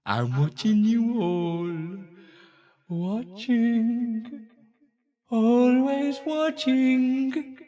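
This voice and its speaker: Talking moon, put on by a man, high and creepy, teasing and drawn-out. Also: warm tone, muffled recording, heavily acted. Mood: ominous. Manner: teasing sing-song, drawn-out words. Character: creepy playful male moon, always watching.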